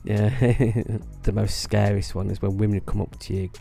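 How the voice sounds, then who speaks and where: A man's voice: on the low side, level tone, a little slow, gravelly, dark tone, soft background music. A man telling rambling casual stories about his old theme park job, restarting phrases and laughing at himself. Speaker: vlogger recalling theme park work.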